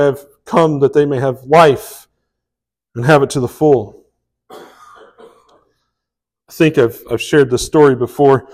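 A man's voice: a little high, a little mellow. A man preaching a sermon in a folksy, conversational way, with asides and restarts. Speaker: pastor.

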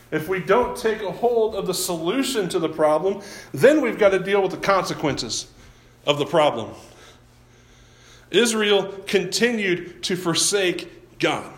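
A man's voice: high-pitched, expressive, unhurried, roomy sound. A man preaching a sermon as pastor, talking in a folksy, self-deprecating way and often repeating his words.

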